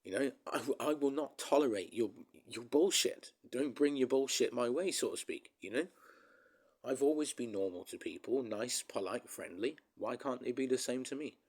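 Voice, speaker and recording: A man's voice: medium pitch, moderate pace, a little mellow, slightly rough. A man ranting casually to his viewers in a vlog, rambling and emphatic, often calling them guys. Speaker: vlogger.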